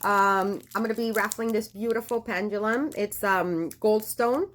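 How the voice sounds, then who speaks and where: A woman's voice: medium pitch, moderate pace. A woman giving a casual tarot reading, chatty and affectionate, with many fillers and restarts. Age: adult with a daughter. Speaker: tarot reader.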